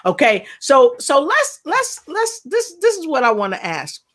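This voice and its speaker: A woman hosting a live online interview show, lively and playful, speaking straight to her viewers. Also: high voice, a little slow. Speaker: talk show host.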